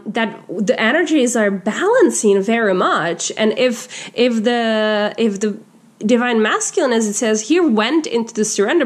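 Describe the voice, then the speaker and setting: A woman with a somewhat high voice gives a relaxed tarot reading to her viewers. She talks in an effusive, heartfelt way, full of "like" and "you know" and with frequent restarts. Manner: effusive, many fillers and restarts. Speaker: tarot reader. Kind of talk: casual spiritual tarot reading.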